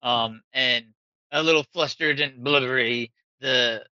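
Guy dm-ing a tabletop game, real slow, hesitant, lots of uh's, bright sharp voice, dry dull sound. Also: mid-range voice, clean tone, no echo. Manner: slow, halting narration with frequent fillers. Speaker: game master.

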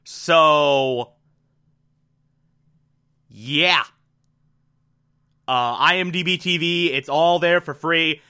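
A chatty male podcast host with a bright, forceful tone and a slightly higher voice than most men. He rambles loosely, filling gaps with "uh" and "like," and his words drift into a playful mock southern drawl. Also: extremely slow, long pauses, clear, resonant tone. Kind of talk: casual solo announcement.

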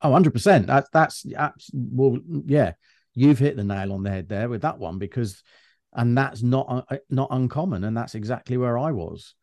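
Middle-aged man, co-host, chatty storyteller, dark mellow tone, dry close sound. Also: mid-range voice, moderate pace, no room sound. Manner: chatty, animated anecdotes with restarts. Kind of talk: casual conversational storytelling.

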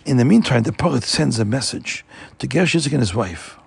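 A man telling a story in an animated, emphatic way, recorded dry and close. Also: mid-range voice, brisk, gravelly, a little hiss or hum. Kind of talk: oral storytelling.

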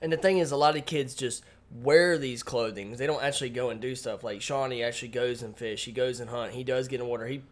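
Fast-talking man chiming in. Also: medium pitch, fairly even intonation. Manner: chimes in with quick agreeing remarks. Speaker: podcast co-host. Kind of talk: casual chat.

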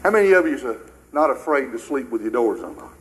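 A man's voice: mid-range voice, big pitch swings, fast talker, fairly bright tone, rough recording. An older American man preaching a sermon with emphatic rhetorical questions, his delivery surging and dropping.

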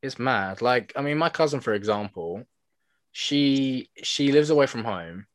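A man's voice: mid-range voice, expressive, measured pace, no echo. A young man, chatting casually as a podcast co-host, full of "like" fillers and laughing often. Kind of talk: casual chat.

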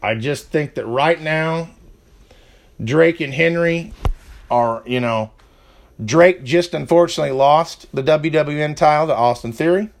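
Guy hosting a chatty wrestling podcast, kinda high voice, rambles a lot then gets heated. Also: unhurried. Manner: rambling, with frequent fillers and a heated rant. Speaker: podcast host previewing wrestling matches. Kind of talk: casual chat.

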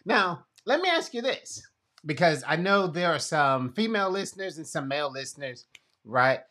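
A man's voice: a little high, very animated, normal speed, sharp tone. A man hosting a casual conversation, retelling a Bible story expressively and acting out quotes. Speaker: podcast host.

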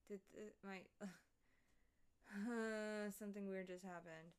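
A woman's voice: medium pitch, steady tone, slow, clean tone. A woman streamer chatting casually, rambling and sidetracked, swearing freely as she talks. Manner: rambling, profane, easily sidetracked.

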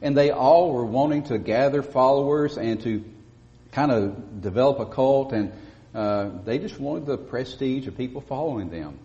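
A man preaching a sermon as pastor, speaking emphatically and rising to loud stresses on key words. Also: medium pitch, normal speed. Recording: dull lo-fi audio with long church reverb.

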